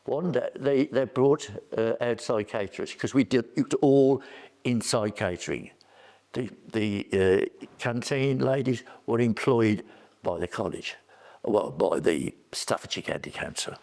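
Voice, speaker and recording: A man's voice: medium pitch, gravelly. An older man, a former college staff member reminiscing in an interview and telling chatty anecdotes.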